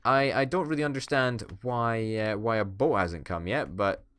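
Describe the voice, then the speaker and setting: Joking gamer, low dry voice. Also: male voice, normal speed, fairly bright tone, dry recording. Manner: playful, swearing, mock-dictator bluster. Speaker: gaming YouTuber. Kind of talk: casual let's-play commentary.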